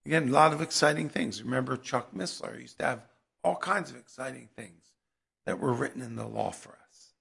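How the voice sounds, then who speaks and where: A man's voice: medium pitch, brisk, gravelly, a bit bright, husky. A man preaching a sermon in a conversational way that builds to emphatic peaks.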